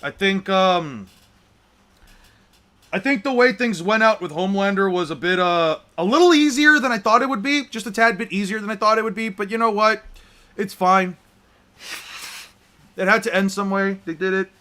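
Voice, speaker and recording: A man's voice: high voice, moderate pace, pauses often, sharp tone. A young man chatting casually with his viewers, rambling and repeating himself as he restarts his thoughts. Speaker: streamer reacting to chat.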